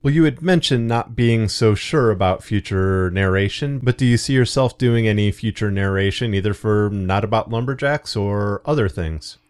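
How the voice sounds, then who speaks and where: Relaxed male host, earnest; lowish, clean voice. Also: moderate pace, few pauses, clear, resonant tone. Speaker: podcast host and author. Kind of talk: casual interview chat.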